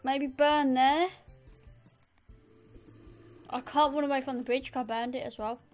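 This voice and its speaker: High pitched girl doing let's play commentary, chatty and excitable, quiet music behind. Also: measured pace. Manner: chatty, easily excited, talks to viewers. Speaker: gamer.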